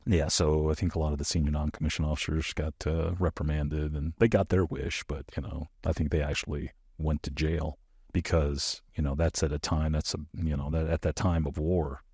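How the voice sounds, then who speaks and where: Rumbling low and husky, the voice of a middle-aged American ex-soldier comes through fairly quick, in clean studio sound with no echo. During a casual interview he tells animated stories, performing each quoted line.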